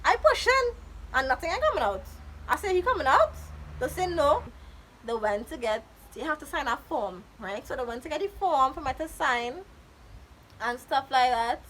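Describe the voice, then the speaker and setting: A woman vlogger telling a story in a casual storytime style, animated and dramatic, often quoting other people in her retelling. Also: high voice, moderate pace, slight background noise, low-quality recording.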